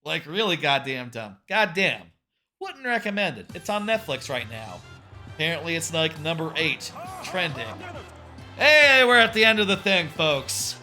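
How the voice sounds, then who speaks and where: A young man rambles through casual gameplay commentary, high-pitched and bright, piling up fillers and tossing in the odd curse. Faint game music plays underneath his voice. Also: sing-song, a little slow. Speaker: charity streamer.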